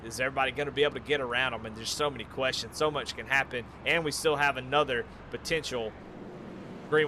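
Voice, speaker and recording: A man calling a sim race live, excitable and given to repeating the same questions. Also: fairly high pitch, a little hiss or hum. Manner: excitable, repeats questions, builds to shouting at the finish. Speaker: sim racing commentator.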